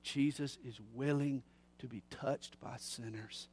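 A middle-aged man preaching a sermon, moving from soft, low passages to loud, slowed emphatic lines. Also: fairly even intonation, slight background noise. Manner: builds from soft to loud, slowing on key phrases.

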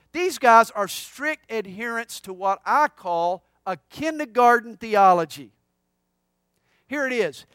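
A pastor preaching an expository sermon, emphatic and conversational with humorous asides. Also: male voice, very high voice, a bit bright, clean tone, dry recording, studio quality.

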